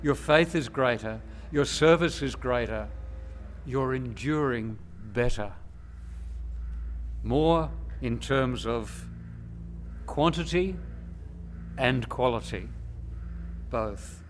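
Male preacher, unhurried emphatic delivery, mid-pitched voice, faint noise behind. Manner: slow, measured, emphatic preaching with pauses. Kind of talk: sermon.

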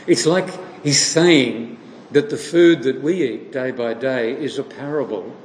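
Slow-preaching man in an echoey hall. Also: medium pitch. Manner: slow, deliberate preaching with rhetorical questions. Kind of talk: sermon. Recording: echoey hall with long reverb, faint noise.

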